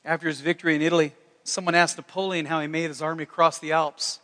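Bright, high-voiced preacher in a big hall. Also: male voice, fast. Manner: animated, folksy, jumps into loud shouted impressions. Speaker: pastor. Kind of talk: sermon.

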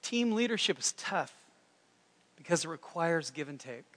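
A man preaching a sermon in a folksy, animated way, breaking into loud shouted impressions. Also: on the high side, normal speed, big-room sound. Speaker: pastor.

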